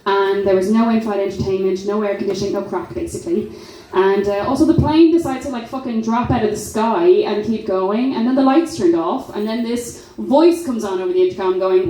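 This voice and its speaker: A woman's voice: medium pitch, brisk, dark tone. Brash, sweary Irish woman doing stand-up. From Ireland. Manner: brash, sweary, laughs at own jokes. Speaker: stand-up comedian. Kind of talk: stand-up comedy set. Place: comedy club stage. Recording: roomy club sound from far off.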